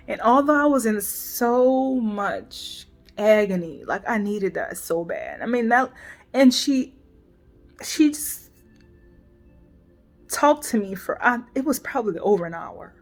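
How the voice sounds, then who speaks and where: Emotional halting woman confiding. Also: on the high side, animated, soft background music. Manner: emotional, halting, with many restarts and soft trailing words. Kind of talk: personal vlog confession.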